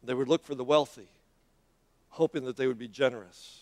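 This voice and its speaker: A man's voice: medium pitch, steady tone, fairly quick, darkish tone. A man preaching, retelling a scripture story in dramatic sermon style with frequent hesitations and repeated words.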